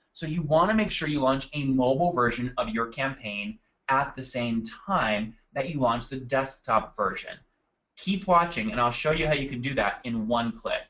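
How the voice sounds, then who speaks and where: A man's voice: mid-range voice, a bit bright, lo-fi sound. A man hosting a live marketing webinar, talking energetically and calling out attendees by name from his desk. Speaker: webinar host. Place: home desk.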